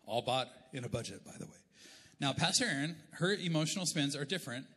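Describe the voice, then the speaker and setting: A middle-aged Canadian pastor preaches in a loose, joking, conversational way, his fairly high voice bright and forceful. The sound carries the long reverb of a large church hall. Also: expressive, fast talker. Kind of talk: sermon. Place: church auditorium.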